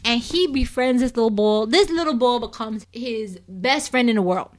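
A woman's voice: on the high side, normal speed. A woman co-hosting a casual chat show, animatedly recapping a soap opera and calling out to her listeners. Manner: animated, addresses listeners as "people". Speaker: co-host.

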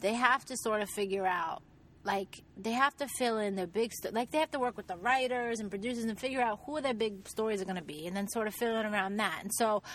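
A woman's voice: mid-range voice, brisk, a little hiss or hum. Chatty woman in a parked car. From Puerto Rican. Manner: chatty, emphatic, joking. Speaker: podcast co-host. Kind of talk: casual chat about soap operas.

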